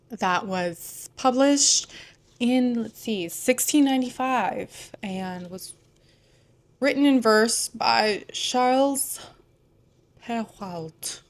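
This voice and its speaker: Casting: young woman film vlogger, unhurried, chatty, rambling asides. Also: on the high side. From Houston, Texas. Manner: chatty, digressive, lots of "like" and asides. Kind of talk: casual chat about films.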